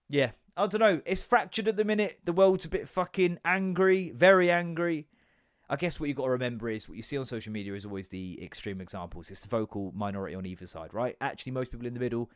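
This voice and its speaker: An English man in his thirties hosting a podcast, ranting casually in an animated, sweary, sarcastic way. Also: mid-range voice, dry recording, studio quality. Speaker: podcast host.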